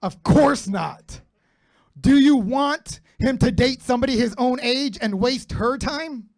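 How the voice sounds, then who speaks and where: A man's voice: very high voice, takes it slowly. A man in his thirties doing a profane stand-up comedy set, bantering brashly with the crowd. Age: 30s. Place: comedy club stage with live audience.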